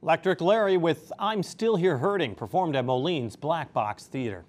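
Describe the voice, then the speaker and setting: A man's voice: on the high side, normal speed, faint music behind. A man hosting a local TV interview, upbeat and conversational. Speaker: TV show host. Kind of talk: broadcast interview.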